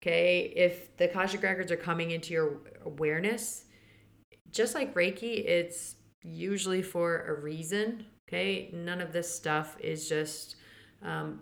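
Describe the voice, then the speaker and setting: A woman hosting a spiritual podcast, talking casually and chatting about her week and her courses. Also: creaky. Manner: chatty, laughs often, quotes others with raised pitch. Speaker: podcast host and Akashic Records teacher. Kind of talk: casual chat.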